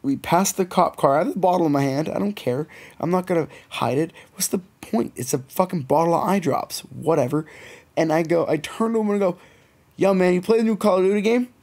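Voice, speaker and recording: A man's voice: a little high, a little fast. Profane young Canadian man telling a story. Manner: profane, animated storytelling with quoted voices. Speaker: podcast co-host. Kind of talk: casual storytelling chat.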